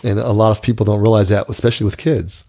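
A man's voice: on the low side, fairly even intonation, fast talker, creaky, mellow. A man in his fifties talking frankly and earnestly in a casual conversation, often repeating words as he starts a thought.

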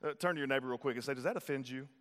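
A man's voice: mid-range voice, rapid-fire, fairly bright tone. A man preaching a sermon as pastor, conversational and playful, slipping into acted voices for emphasis. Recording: long hall reverb.

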